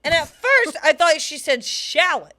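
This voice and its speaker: A woman's voice: high voice, very animated, unhurried, sharp tone. A young adult woman co-hosting a comedy podcast, telling stories emphatically in casual chat and swearing freely. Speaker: podcast co-host.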